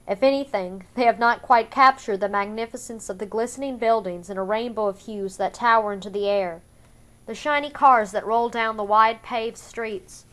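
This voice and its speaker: Female fan audiobook reader, slightly high, measured and subdued first-person narration. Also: fairly bright tone.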